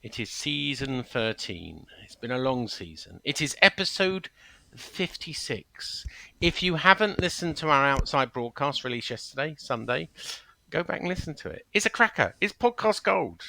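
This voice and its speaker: A man's voice: medium pitch, animated, moderate pace, gravelly, bright, forceful tone, dry recording. A man hosting a podcast in casual chat, jokey and often stumbling over his words. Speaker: podcast host.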